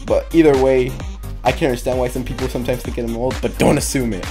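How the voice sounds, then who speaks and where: A teenage boy at a middle pitch tells a casual story to his viewers. He rambles and keeps correcting himself, and faint music plays underneath. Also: fairly even intonation, quick pace. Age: teens. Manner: rambling, self-correcting, laughs while telling. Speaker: YouTuber.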